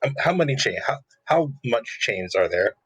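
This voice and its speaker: A man playing a tabletop game, asking quick, scheming questions. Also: mid-range voice, very animated, a bit bright, slightly rough, no echo, low-quality recording. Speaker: player. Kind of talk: casual tabletop play.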